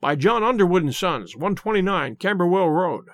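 Sententious gentleman detective, read by a man; dry, close, fairly high voice. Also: animated, moderate pace, no echo. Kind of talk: audiobook reading.

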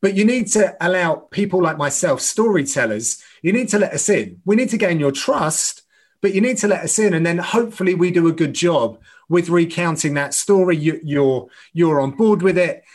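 A middle-aged man speaking earnestly as a guest on a podcast interview. His voice sits slightly higher than most men's, and he often restarts his phrases as he tells stories. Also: lively intonation, normal speed. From United Kingdom. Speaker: MMA commentator and guest.

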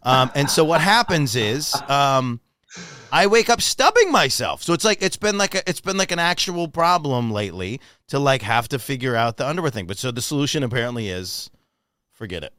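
A man hosting a casual chat, playful and quick to laugh. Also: mid-range voice, no room sound, clean studio sound. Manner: animated, playful, laughs often. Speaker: podcast host.

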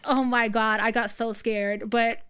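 A woman's voice: fairly high pitch, unhurried, a little hiss or hum. A young woman co-hosting a podcast, casually telling a story with lots of swearing. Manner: profane, animated storytelling. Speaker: podcast co-host. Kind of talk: casual chat.

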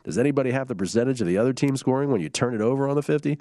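A man hosts a sports betting program, reading fan tweets and riffing on football in a casual, quick-moving way. He throws in hums and restarts as he goes. His voice sits at an ordinary pitch, and the sound is dry and close. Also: dark tone, dry recording. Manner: quick, loose delivery with filler hums and restarts. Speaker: sports betting show host.

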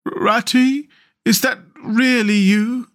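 A man's voice: on the high side, unhurried. A man voicing a timid, small male mole who speaks feebly and apologetically, worn out and trembling. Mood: frightened.

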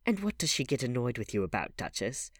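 A man voicing a charming, pleasure-seeking young gentleman in an audiobook, smooth and flattering. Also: mid-range voice, brisk, dry recording, clean studio sound, voice pushed up.

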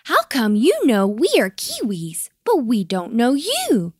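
A woman voicing Tiny, an excitable little male kiwi chick in a storybook, eager and bouncy. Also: on the high side, unhurried, husky, no echo, studio quality, exaggerated voice. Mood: excited.

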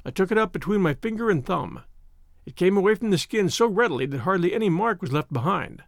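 A man narrating an audiobook in an expressive, lively reading style, close to the mic. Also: high-pitched, quick pace, creaky, dry recording.

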